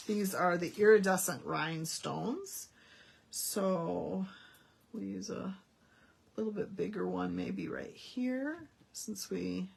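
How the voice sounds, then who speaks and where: Her voice on the low side and gravelly, a Stampin' Up demonstrator gives a casual card-making demo, chatty and folksy, thinking aloud as she works. Slight background noise can be heard.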